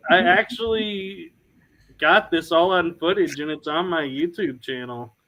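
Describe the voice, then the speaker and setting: An American man recounts a story at an unhurried pace in a friendly podcast chat. His voice sits a little high, and he leans into the story by playing out each quoted exchange. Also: rough recording. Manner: animated anecdote-telling, acting out quoted dialogue with repeated "I was like". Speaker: paranormal investigator, podcast co-host.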